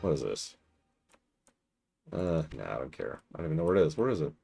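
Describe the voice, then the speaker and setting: A man streaming a strategy game, chatting casually and animatedly, with mock-exasperated outbursts and quiet mutters to himself while he plays. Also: rumbling low, big pitch swings, a little fast, vocal fry, soft background music.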